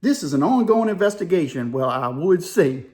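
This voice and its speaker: Middle-aged new orleans guy, high pitched voice, slangy laid-back storytelling. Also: animated, darkish tone. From Louisiana, New Orleans area. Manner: casual storytelling, drawling slang, quick laughs. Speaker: commentary video host. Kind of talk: reaction commentary.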